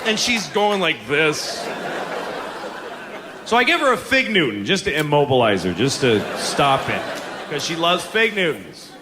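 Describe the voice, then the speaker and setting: A man in his forties tells stand-up stories in a slightly high, very lively voice that climbs and drops all over. He swears freely and mocks himself in exasperation. A laughing crowd and steady noise fill the live recording. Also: measured pace. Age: 40s. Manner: animated, profane storytelling full of exasperated self-mockery. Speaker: stand-up comedian. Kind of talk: stand-up comedy. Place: stage before a laughing audience.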